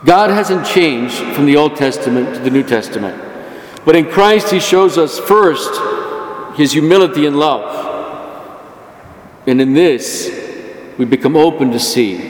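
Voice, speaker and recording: Priest preaching in an echoey church. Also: male voice, on the high side, animated, measured pace, long pauses. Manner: earnest, rising emphasis on quoted words of God. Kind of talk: sermon.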